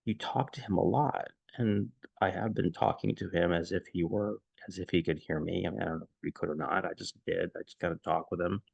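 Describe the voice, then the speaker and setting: A very deep, gravelly male voice tells a personal story to a friend. He rambles and halts, restarting sentences as he hunts for words. The sound is close and dry. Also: fairly even intonation, no echo, dull audio. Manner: rambling and halting, with many restarts; shaken, searching for words. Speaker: man recording a personal message to a friend.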